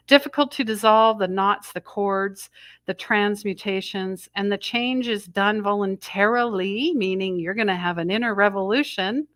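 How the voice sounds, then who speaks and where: A woman's voice: mid-range voice, a bit bright, no echo. Middle-aged woman host, spiritual live talk, rambling and self-interrupting, dry close sound. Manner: rambling, self-interrupting, channels messages she hears. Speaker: intuitive astrology host. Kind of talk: live spiritual energy update.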